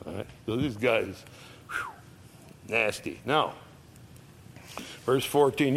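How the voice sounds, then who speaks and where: An older man preaching a sermon. He talks in an easy, conversational way and keeps asking his listeners "all right?" His pitch sits in the middle range and rises with his volume when he reads scripture aloud. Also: takes it slowly, long pauses. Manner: asks the audience "all right?".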